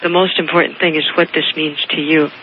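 A county coroner earnestly retelling a case in an interview, measured and careful, with small restarts. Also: mid-range voice, flat delivery, highs cut off, a little hiss or hum. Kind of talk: storytelling in an interview.

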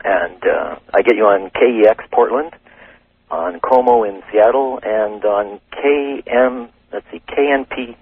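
Husky Canadian caller on a phone line. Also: male voice, fairly low pitch, measured pace, no room sound. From British Columbia, Canada. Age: middle-aged. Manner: chatty, rambling, laughs easily. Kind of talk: phone-in chat. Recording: tinny phone line over radio.

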